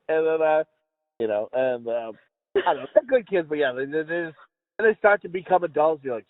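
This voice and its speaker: A man's voice: fairly high pitch, fairly quick, no room sound. A man in his thirties co-hosting a podcast, telling stories in casual chat and swearing freely. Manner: swearing, animated storytelling. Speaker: podcast co-host. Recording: dry tinny phone-like sound.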